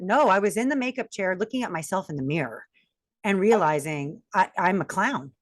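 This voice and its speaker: A woman's voice: mid-range voice, animated, a little fast, no echo, clean studio sound. A woman in her forties, a guest coach, telling her life story candidly and acting out the voices she quotes. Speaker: guest, self-mastery coach.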